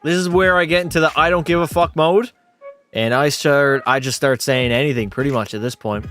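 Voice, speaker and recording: A young man with a fairly high voice streams from home, tipsy from beer and swearing freely. He argues hockey with his chat in a casual, combative way. Faint music plays behind him. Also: brisk, fairly bright tone. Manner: profane, argumentative, talks back to chat. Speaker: game streamer.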